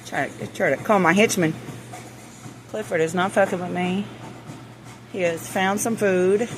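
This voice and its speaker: A woman's voice: on the low side, measured pace, slight background noise. A woman films her backyard chickens on a handheld phone, talking casually and nervously. She swears under her breath and coos at the birds. Faint outdoor ambience sits behind her voice. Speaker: vlogger. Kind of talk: casual chat. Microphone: handheld phone camera.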